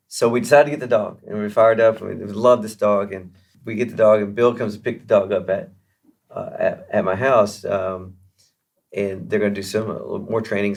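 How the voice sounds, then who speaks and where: A man being interviewed as a guest musician, telling a long story in a chatty, animated way with many fillers and restarts. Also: on the low side, creaky.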